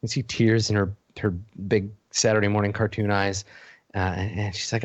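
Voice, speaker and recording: A man's voice: lowish voice, level tone, moderate pace, dry recording, lo-fi sound. A man narrating as game master of a tabletop game, casual and profane, with frequent restarts.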